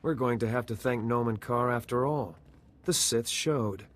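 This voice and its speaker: A man's voice: mid-range voice, moderate pace, a little hiss or hum, natural voice. An actor playing a proud, zealous male Jedi Knight in a video game, who speaks in a righteous, combative way.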